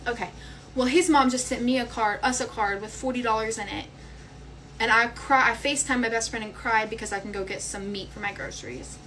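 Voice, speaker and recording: A young woman in her twenties casually telling a storytime vlog, animated and chatty as she retells what happened. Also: a little high, fairly quick, a little hiss or hum, low-quality recording.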